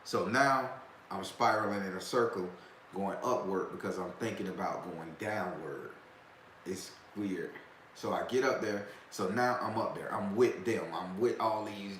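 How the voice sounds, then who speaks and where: A man's voice: lowish voice, measured pace, fairly bright tone. A man hosting a live talk, telling a story in a loose, profane, casual way and laughing often. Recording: echoey room, faint background noise.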